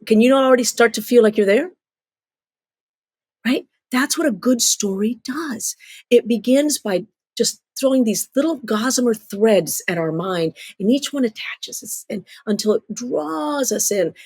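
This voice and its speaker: Husky animated woman storyteller. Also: fairly high pitch, moderate pace, no room sound. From Cuba. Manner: animated storyteller, acts out voices. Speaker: children's author and storyteller. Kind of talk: storytelling interview.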